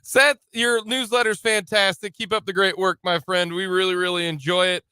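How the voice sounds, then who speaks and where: Bright-voiced joking sports radio host. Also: male voice, high-pitched, fairly even intonation, moderate pace, clean tone, no room sound, clean studio sound. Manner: joking, teasing, laughs often. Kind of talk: casual sports radio banter.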